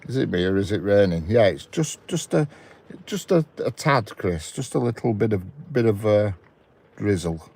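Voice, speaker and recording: A man's voice: on the low side, lively intonation, normal speed, darkish tone, breathy edge. A man in a parked car chatting casually on a live stream, greeting viewers by name and chuckling. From England. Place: inside a parked car by a railway.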